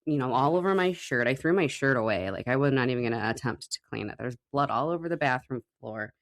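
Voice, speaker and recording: A woman co-hosting a podcast from her home recording room, telling a story in a casual, animated way, swearing and laughing as she goes. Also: a bass voice, fast talker. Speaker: podcast co-host.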